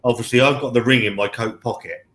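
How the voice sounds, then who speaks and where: A man's voice: mid-range voice, fairly even intonation, fast, background noise. A man, telling a long, sweary, rambling anecdote on a casual live chat. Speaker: co-host.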